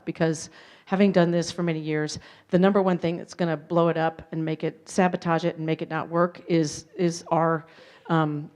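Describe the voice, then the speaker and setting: A woman's voice: low-pitched, darkish tone. A woman giving a conference keynote, telling her story candidly with self-deprecating asides. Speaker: keynote speaker. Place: conference hall.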